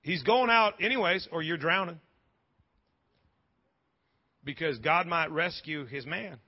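A man preaching a lively sermon in a church, joking with the congregation and restarting his sentences often. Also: fairly high pitch, a little slow, breathy edge, lo-fi sound. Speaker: pastor. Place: church sanctuary.

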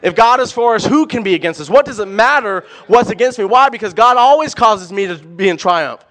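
A young man preaching a sermon, animated and emphatic, firing off rhetorical questions and repeating words. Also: sits high, a little fast.

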